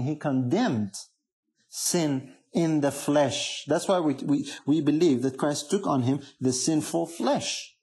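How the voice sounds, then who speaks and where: Man, preacher, sermon, emphatic, asks questions, slightly high voice. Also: darkish tone.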